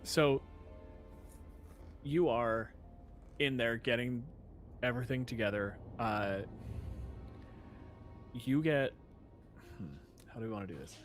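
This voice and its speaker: A male game master narrates a tabletop game in a loose, conversational way, leaning on fillers. His pitch sits in the middle, and faint music plays underneath. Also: slow, long pauses. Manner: casual, filler-heavy narration.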